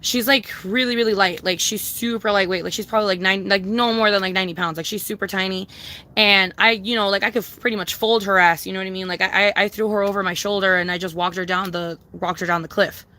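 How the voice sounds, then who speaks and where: A woman's voice: medium pitch, fairly even intonation, fast talker, pushed and bright, voice pushed down, close to an everyday voice. A woman putting on the voice of a bragging, insecure short man who mumbles and rambles with lots of filler words. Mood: boastful.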